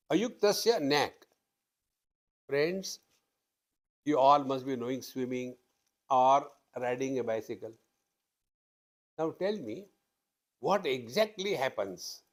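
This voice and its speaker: A man's voice: medium pitch, expressive, slow, pauses often. A man gives a spiritual discourse to an audience. He tells stories in a blunt, emphatic way and keeps calling his listeners friends. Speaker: spiritual teacher.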